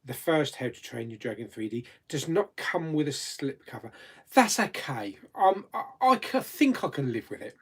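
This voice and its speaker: With a medium-pitched, slightly bright and rough voice that swings widely in pitch, a man talks at normal speed on his live chat stream. Chatty and quick to laugh, he reads viewers' questions out loud and responds to them.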